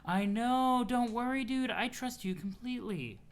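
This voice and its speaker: A woman's voice: a little high, moderate pace, pitched above the performer's own voice, natural voice. A man putting on a smug, scheming troll girl. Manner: smug, bossy, breezy.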